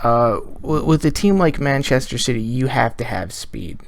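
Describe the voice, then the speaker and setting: A man's voice: mid-range voice, animated, normal speed, gravelly, slight background noise. A man casually previewing a football match on his vlog, joking and rambling. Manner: jokey, rambling, asks viewers questions. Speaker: football fan vlogger.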